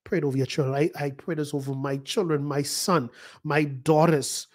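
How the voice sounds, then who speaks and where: A middle-aged man preaching a sermon as pastor, praying aloud and telling a personal story, swinging between loud and hushed. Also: fairly high pitch, steady tone, normal speed. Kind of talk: sermon with prayer.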